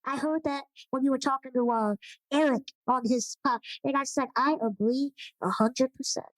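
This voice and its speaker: A woman's voice: high-pitched, moderate pace, dry recording, rough recording. A woman guest on a podcast, chatting casually and often murmuring in agreement. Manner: warm, affirming, with frequent agreeing murmurs. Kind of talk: casual conversation.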